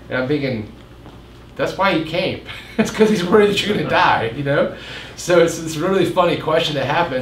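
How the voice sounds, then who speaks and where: A pastor giving a casual midweek Bible teaching, chatting with jokes and asides and acting out quoted lines in a raised voice. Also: male voice, brisk. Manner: conversational, jokes and asides, acts out quotes with rising pitch. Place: meeting room. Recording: roomy echo, faint room noise.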